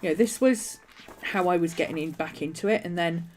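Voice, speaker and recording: A woman's voice: lowish voice, fairly quick, slight background noise. Chatty woman with a nagging cough. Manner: chatty, meandering, restarts thoughts often. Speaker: journaling video host. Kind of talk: casual rambling vlog chat.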